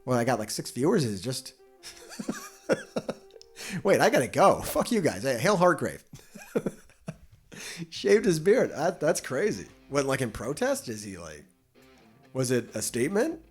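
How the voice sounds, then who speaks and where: A man's voice: medium pitch, wildly swooping pitch, measured pace, long pauses, breathy edge, soft background music. A man hosting a casual live stream, rambling and swearing freely, laughing often as he reacts to chat. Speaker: livestream host.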